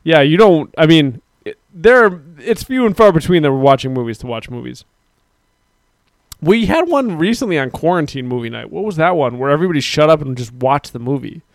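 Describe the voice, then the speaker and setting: A podcast host runs a live stream, rambling casually as he reads viewers' comments, talking to chat and mock-quoting people. His voice is on the high side, sing-song and brisk, in a dry recording.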